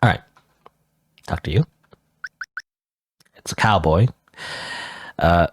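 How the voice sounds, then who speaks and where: A man's voice: deep voice, animated, takes it slowly, long pauses, no room sound. A man giving casual, rambling, self-deprecating commentary while playing a video game. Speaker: let's play gamer.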